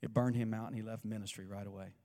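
A man's voice: on the low side, flat delivery, fast talker, dark tone. A male pastor preaching a sermon in an emphatic way, asking the congregation to repeat lines after him. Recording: echoey hall with long reverb.

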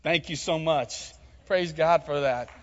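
A man with a high voice preaches a sermon in a church hall. He calls on the congregation to speak along with him. The sound is muffled, and a long reverb trails off each line. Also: slow pace. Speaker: pastor.

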